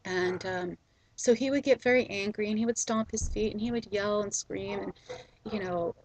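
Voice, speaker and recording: A middle-aged woman hosting a spiritual video, telling a personal story in a soft, slow, gentle way with frequent ums. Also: mid-range voice, background noise.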